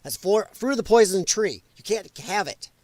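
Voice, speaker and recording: A man's voice: sits high, expressive, normal speed, no echo. A man hosting a live show, ranting in a blunt, heated, profane way. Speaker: livestream show host.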